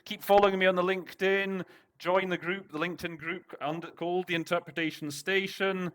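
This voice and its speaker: A man's voice: high-pitched, little pitch movement, fairly quick, a bit bright. A man as host of an interpreting lesson, talking casually with lots of fillers and restarts as he walks through a text. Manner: chatty, full of fillers and restarts. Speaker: interpreting tutor. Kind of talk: casual teaching breakdown.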